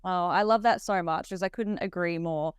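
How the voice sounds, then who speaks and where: A woman's voice: fairly low pitch, normal speed, smooth, no echo. A young adult woman hosting a podcast, upbeat and casual with many filler words. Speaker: podcast host. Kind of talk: casual interview chat.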